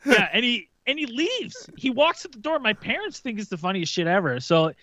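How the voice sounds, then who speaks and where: Brief: high-pitched, bright-voiced Canadian man, casual swearing co-host, dry lo-fi mic. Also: normal speed, no room sound. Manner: swearing, animated storyteller. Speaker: podcast co-host. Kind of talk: casual storytelling chat. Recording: dull dry lo-fi sound.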